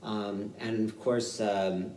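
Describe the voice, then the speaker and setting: A man teaching fiddle in an online workshop. He explains in a relaxed, halting way, with many fillers. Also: lowish voice, slight background noise. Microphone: video call. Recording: roomy sound, mic at a distance, loud fiddle playing.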